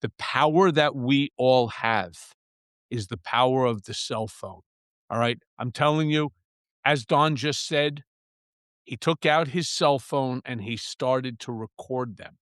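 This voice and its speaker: A man's voice: medium pitch, unhurried, no echo, clean studio sound. A middle-aged man chatting as a guest on a political talk show, telling stories with lots of swearing and laughter. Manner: animated storyteller, swears freely, laughs at his own stories. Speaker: guest commentator. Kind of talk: casual political chat.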